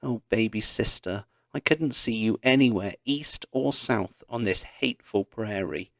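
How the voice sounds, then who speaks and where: A man's voice: on the low side, a little slow, vocal fry, dry recording, studio quality. A man voicing a desperate young pioneer girl. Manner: screeching, anguished.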